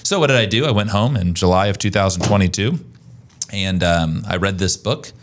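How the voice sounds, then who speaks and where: A man hosting a casual podcast chat, energetic and conversational, often restarting his sentences. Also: deep voice, a little fast, slight background noise. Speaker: podcast host, agency owner.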